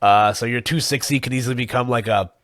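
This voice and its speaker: Male podcast co-host, mid-pitched, loose and rambling with fillers, dry close-miked sound. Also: fast, fairly bright tone, dry recording. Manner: rambling, full of fillers, chuckles often. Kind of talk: casual chat.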